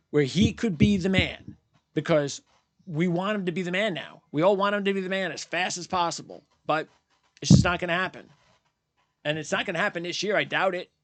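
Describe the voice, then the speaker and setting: A man's voice: high-pitched, a bit bright, dry recording. A man hosting post-game sports commentary, ranting bluntly and heatedly, repeating his points and mocking fans in quoted voices. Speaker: sports channel host.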